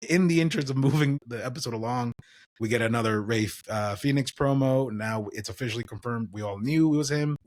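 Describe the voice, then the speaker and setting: A man co-hosting a podcast, running through wrestling matches in a loose, casual play-by-play with fillers and quick asides. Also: medium pitch, a little mellow. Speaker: podcast co-host. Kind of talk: casual wrestling recap chat.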